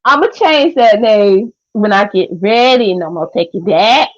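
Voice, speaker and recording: A young woman, chatting casually with viewers on a livestream in a sassy, trash-talking way with loud cackling laughs. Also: medium pitch, expressive, unhurried, no echo. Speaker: livestream host. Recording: dull lo-fi stream audio.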